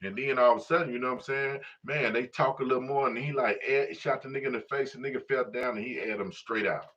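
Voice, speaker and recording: A man's voice: medium pitch, steady tone, fast talker, fairly bright tone. A man hosting a casual livestream, talking in a profane, rambling way full of fillers and asides to viewers. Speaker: livestream host. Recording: distant lo-fi livestream audio.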